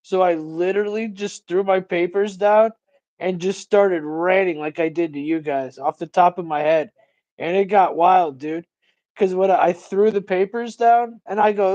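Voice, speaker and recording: A man chatting on a livestream in a loose, rambling way, cursing freely and ranting off the top of his head. His voice sits high for a man, and the sound is very dry and close. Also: steady tone, moderate pace, a little mellow, no echo, highs cut off. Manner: rambling, profane, ranting storyteller. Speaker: livestream host. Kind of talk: casual livestream chat.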